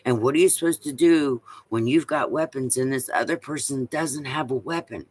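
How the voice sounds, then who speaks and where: A man's voice: medium pitch, normal speed, few pauses, husky. A man ranting in a casual monologue, blunt and profane, who keeps pressing the listener with rhetorical questions. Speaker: vlogger.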